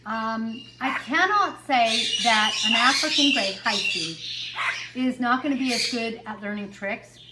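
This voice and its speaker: Brief: high-voiced woman, chatty parrot-owner vlogger, loud noise and bird squawks behind. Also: measured pace. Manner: chatty, with fillers and self-corrections. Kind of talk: casual chat to camera.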